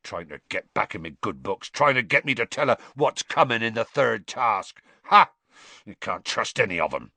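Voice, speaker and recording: A man reading aloud and voicing a gruff, hot-tempered giant of a gamekeeper who growls his words bluntly. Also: fairly low pitch, very animated, moderate pace, pushed and bright, no room sound, exaggerated voice. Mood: grim.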